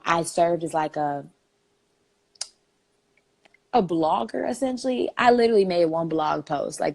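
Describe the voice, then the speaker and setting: A woman's voice: deep voice, gravelly. A young woman in her twenties, a guest telling a story in a casual, chatty way with lots of "like" fillers.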